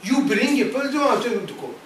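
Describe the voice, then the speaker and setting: Speaking passionately to Islamic scholars in a community centre meeting hall, this high-voiced man uses broken English as a non-native speaker, loops back over phrases, fires off rhetorical questions and recites quick Quranic verses in Arabic. He is very animated and fairly bright in tone. The recording catches him from a distance amid hall echo and a little hiss or hum.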